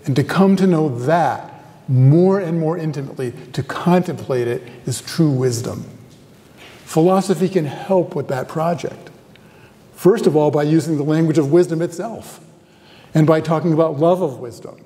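A man delivers a university lecture with a somewhat high, mellow voice, speaking conversationally and turning to the audience with questions. His voice carries the long reverb of a lecture hall. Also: normal speed. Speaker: guest lecturer, theology professor.

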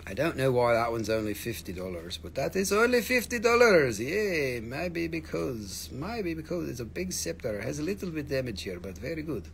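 A man's voice: medium pitch, very animated, normal speed, vocal fry, a little hiss or hum. Joking, foul-mouthed man selling crystals live. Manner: joking, rambling, swears freely. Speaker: live-stream crystal seller. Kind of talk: casual live sales chat.

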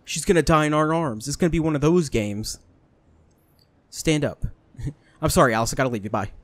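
A man's voice: on the high side, brisk, dry recording. A young man doing let's play commentary, joking and talking to the characters on screen. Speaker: gaming YouTuber.

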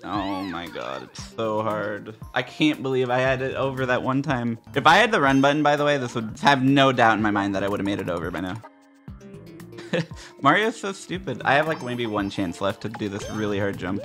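A man narrates his gameplay in a bright, forceful voice, swearing at the other players. His exasperation shows in every line. Faint game music plays behind him. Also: mid-range voice, lively intonation, a little fast. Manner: frustrated, profane, exasperated muttering at other players. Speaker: gaming YouTuber. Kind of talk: gameplay commentary.

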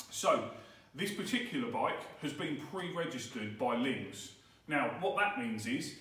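A man giving an enthusiastic sales walkaround of a motorcycle in a dealer showroom. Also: fairly bright tone. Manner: enthusiastic sales pitch with fillers. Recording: echoey showroom from far off.

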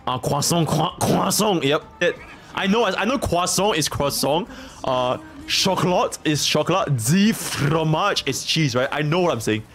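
A young man streaming, chatting casually, rambling and joking, with bursts of loud laughter. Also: a little high, lively intonation, unhurried, soft background music.

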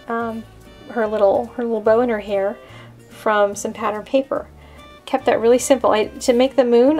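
Chatty woman with a higher voice. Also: a little mellow. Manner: chatty, explains step by step. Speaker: card-making host. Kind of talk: casual craft tutorial.

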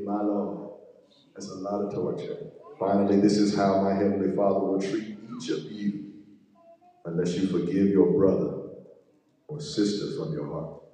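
A man's voice: on the low side, warm tone. A male pastor preaching a sermon, reading scripture and breaking off into asides and call-outs to his congregation. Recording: echoey hall, mic far off.

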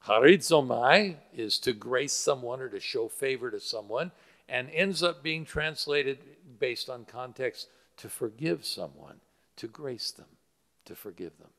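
A man's voice: mid-range voice, expressive, measured pace, a bit bright. A male pastor preaching a sermon that explains Greek word roots, with frequent fillers. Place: church sanctuary. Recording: church hall with long reverb.

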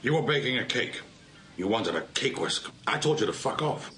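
An actor playing a petty, resentful middle-aged man who builds slowly to a furious punchline in a comedy sketch. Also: mid-range voice, expressive, a bit bright, slight background noise, close to an everyday voice. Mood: aggrieved.

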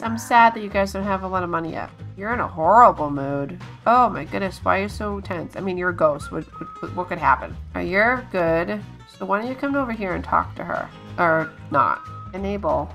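A woman giving casual let's-play commentary, chatting to her game characters, coaxing and scolding them with sudden excited exclamations. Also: mid-range voice. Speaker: gaming channel host.

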